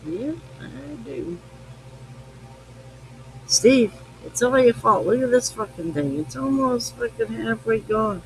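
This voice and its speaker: Tipsy man, high voice, unhurried, rambling and profane, late-night podcast host chat. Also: a little hiss or hum, rough recording. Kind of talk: casual live-stream chat.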